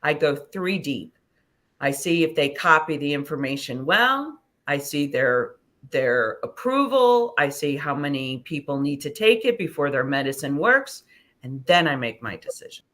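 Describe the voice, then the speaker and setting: A middle-aged woman, a guest on an interview show, telling personal stories in an animated way, swearing freely and acting out conversations. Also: low voice, a little slow. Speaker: guest, ascension teacher and hypnosis practitioner. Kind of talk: casual storytelling interview.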